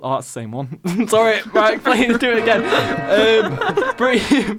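A man's voice: high voice, very animated, unhurried, hardly any pauses, over music. A man co-hosting a casual show, reading out odd news headlines and laughing between them. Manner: giggly, reads headlines aloud between laughs. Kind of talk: casual banter.

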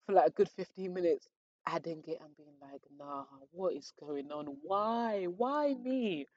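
A young woman, telling her own exam story in a casual, animated way and acting out her thoughts. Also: deep voice, dry recording, lo-fi sound. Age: young adult. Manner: animated, acts out her own thoughts and others' lines with slangy asides.

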